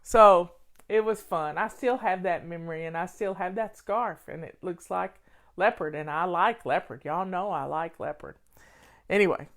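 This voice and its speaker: An older woman from Tennessee speaks with a warm Southern accent. She chats casually and folksily, drifting into homespun stories. Her pitch sits in a plain middle range. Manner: folksy, chatty storyteller. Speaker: home organizing host. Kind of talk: casual chat.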